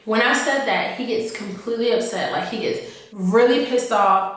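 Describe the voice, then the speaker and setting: A woman officer telling a personal story in a halting, earnest way, often repeating herself. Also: on the high side. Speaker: army officer recounting her experience. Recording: echoey room, voice from off-mic.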